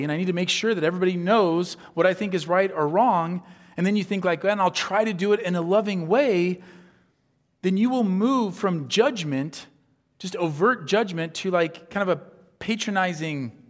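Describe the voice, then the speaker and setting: A man from the upper Midwest preaching a sermon. He talks in a conversational way, with rhetorical asides, and acts out the voices he quotes. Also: high-pitched. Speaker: pastor. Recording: long hall reverb.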